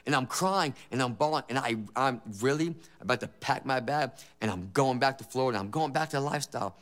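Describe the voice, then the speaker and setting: Man, mid-pitch, telling his faith testimony; emotional, repetitive, earnest. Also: a little fast, a bit bright. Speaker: former gang member giving testimony.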